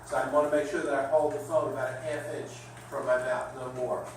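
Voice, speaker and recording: A middle-aged man giving a sales training lecture to a class, coaching in an animated way. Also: mid-range voice, brisk, background noise. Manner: animated coaching, demonstrates with his voice. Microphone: distant room mic. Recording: echoey room recorded from far off.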